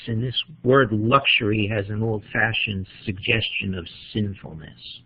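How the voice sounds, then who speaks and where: A man's voice: mid-range voice, unhurried. A man teaching a poetry lesson, thinking aloud while he marks up a poem with a pen. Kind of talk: poetry lecture. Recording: tinny phone-like sound.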